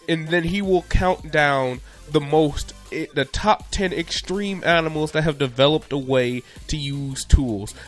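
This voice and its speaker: A young man narrating a casual video commentary in a playful, conversational way with jokey asides. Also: a little high.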